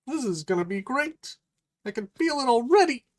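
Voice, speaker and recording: A man's voice: very high voice, sing-song, moderate pace. Playful man chatting on a live stream. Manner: chatty and playful, muttering to himself while working. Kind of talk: casual live stream, reading a puzzle book aloud.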